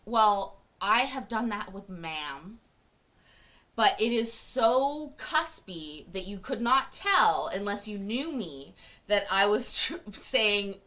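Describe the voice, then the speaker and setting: Lively, bright-voiced Canadian woman streamer. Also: medium pitch, takes it slowly. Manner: chatty, joking, laughs often. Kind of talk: casual live-stream chat.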